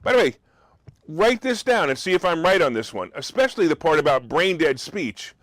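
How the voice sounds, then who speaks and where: A man's voice: on the high side, sing-song, normal speed, a bit bright, dry recording. A man hosting a talk show, delivering an opinionated monologue with sarcastic, mocking asides and incredulous questions.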